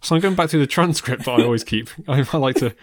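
A man's voice: medium pitch, fast talker, dry recording. A man in his thirties co-hosting a podcast, chatting casually with dry, teasing banter. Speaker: podcast co-host. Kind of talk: casual chat.

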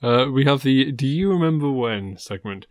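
A man's voice: medium pitch, expressive, normal speed. A man co-hosting a podcast, chatting casually and laughing often. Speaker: podcast co-host. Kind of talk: casual chat.

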